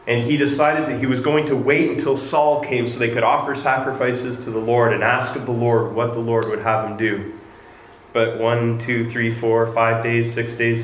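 A man's voice: mid-range voice, slight background noise. A man preaching a casual sermon, retelling scripture with humorous asides. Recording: echoey room, distant mic.

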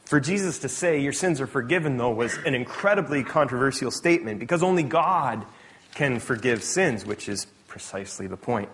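Animated man preaching a sermon. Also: mid-range voice, a little hiss or hum. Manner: animated, conversational, self-correcting with quick asides. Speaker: pastor.

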